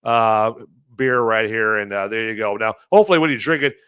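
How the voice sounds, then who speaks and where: A man's voice: lowish voice, a little fast, a bit bright, smooth. A man hosting a podcast who chats casually and rambles in a jokey way, with many fillers and self-corrections. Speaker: podcast host reviewing beer. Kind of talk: casual chat.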